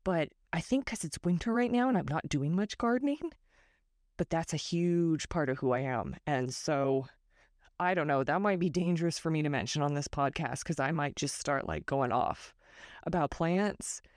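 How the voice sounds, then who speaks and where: Her voice sits low and animated at a moderate pace as this Northern California woman hosts her own podcast. Talking into a close microphone with no echo, she offers a reflective solo monologue full of self-deprecating digressions.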